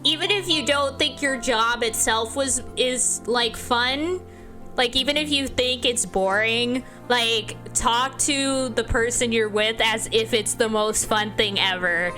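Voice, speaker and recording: A woman's voice: a little high, unhurried, sharp tone, soft background music. A woman streamer in casual let's-play chat, giggly and rambling as she talks over a game. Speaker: gaming streamer.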